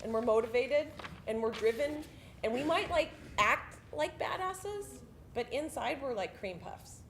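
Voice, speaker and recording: A woman's voice: high-pitched, animated, measured pace, fairly bright tone, slight background noise. A woman army veteran telling a story about basic training on a theatre stage, casual and profane. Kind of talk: spoken monologue performance.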